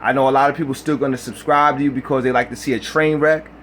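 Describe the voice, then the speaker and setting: A man's voice: medium pitch, fairly even intonation, fast talker, a bit bright, slight background noise. A man recording a reaction video, ranting in a heated, profane way. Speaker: YouTuber.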